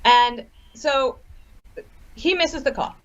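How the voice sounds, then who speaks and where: A woman guest on a radio interview who tells brisk, practical anecdotes. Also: high-pitched, lo-fi sound. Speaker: guest author.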